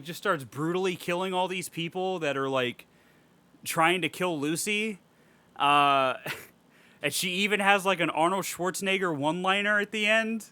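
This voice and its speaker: A man's voice: high-pitched, bright, forceful tone. A young man co-hosting a casual podcast film review, ranting animatedly with plenty of profanity and laughter. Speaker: podcast co-host.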